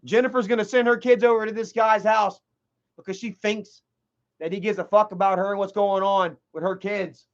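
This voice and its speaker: His voice sits high with a steady tone as this livestreamer retells a story at a moderate pace. It's rambling, heated commentary packed with swearing and repetition, recorded in lo-fi.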